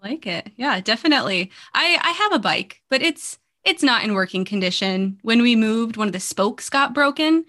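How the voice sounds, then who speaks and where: Female podcast co-host, bright and a touch high, bubbly casual chatter over a call mic. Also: animated, normal speed, hardly any pauses.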